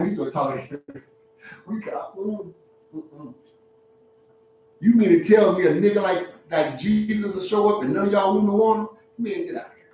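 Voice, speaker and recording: A man hosting a relationship talk, giving blunt, preachy advice to an audience in an animated, streetwise way, laughing at his own points. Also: fairly high pitch, heavy reverb, far from the mic, a little hiss or hum, low-quality recording.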